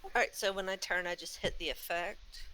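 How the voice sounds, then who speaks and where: A woman's voice: on the low side, moderate pace, pushed and bright, a little hiss or hum, rough recording. A woman playing in an online tabletop game, chatting casually and asking how the controls work. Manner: asking questions about the controls. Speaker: player.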